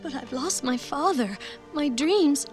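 A brave, gentle young heroine, with a high, lively voice. Soft music plays behind this cartoon film scene. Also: female voice, unhurried. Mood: astonished.

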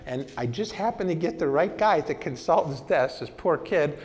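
A man in his sixties giving a conference talk and telling lively anecdotes. He acts out old conversations as he goes. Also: a little high, moderate pace. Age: 60s. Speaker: conference speaker. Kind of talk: presentation talk with storytelling. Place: hall at a vintage computer festival. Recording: long hall reverb.

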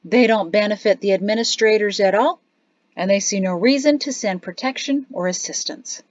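A woman's voice: medium pitch, moderate pace, dry recording, natural voice. Weary rueful father, read by a woman. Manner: sad, grumbling tone. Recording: dry, slightly dull studio audio.

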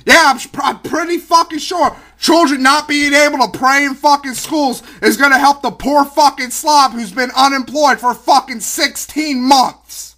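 A man with a very high voice and a sharp, tense edge, ranting heatedly and sarcastically. He swears constantly and speaks as a video blogger attacking what he hears. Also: normal speed, few pauses. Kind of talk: angry political rant.

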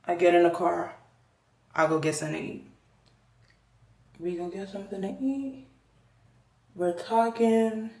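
A woman's voice: fairly low pitch, unhurried, creaky, pauses often, a little mellow, a little hiss or hum. A young woman with a Jamaican accent telling a personal story to her viewers in casual vlog chat, acting out the voices she quotes. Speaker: vlogger. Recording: echoey room.

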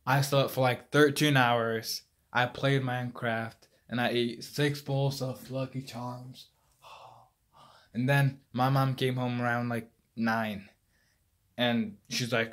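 A young man performing a comic monologue as a lazy, sarcastic teenage boy superhero who sighs often. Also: medium pitch. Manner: sarcastic, exasperated, sighing. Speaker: actor playing a teen superhero.

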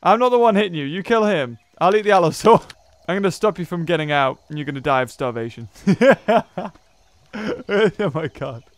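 Excitable man commentating a dinosaur game. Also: fairly high pitch, normal speed, no echo. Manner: excitable, laughs often, yelps and mutters to himself. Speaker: gameplay commentator. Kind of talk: let's play commentary.

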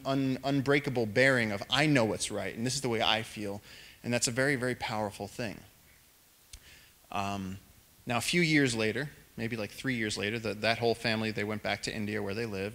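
A man in his thirties, a naturalist giving a public talk, telling stories in an animated way and acting out quoted voices. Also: medium pitch. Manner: animated storyteller, acts out quotes in raised voices. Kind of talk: storytelling lecture.

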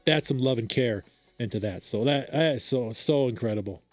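A man's voice: mid-range voice, normal speed, no echo, faint music behind. A man hosting a reaction video, gushing and rambling as he comments on a game trailer. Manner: excitable, gushing, loud exclamations and laughter; rambling fan commentary with restarts. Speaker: reaction channel host.

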